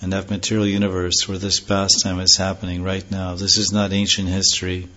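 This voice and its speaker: A man giving a devotional scripture lecture, slowly chanting verses and then explaining them earnestly, on a dull lo-fi recording. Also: low voice, little pitch movement, fairly bright tone. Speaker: spiritual teacher.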